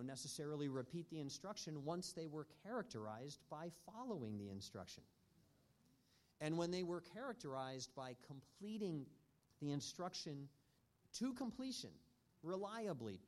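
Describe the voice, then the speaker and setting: A man teaching a church parenting class in an earnest, measured way with frequent pauses. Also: fairly high pitch, a little mellow.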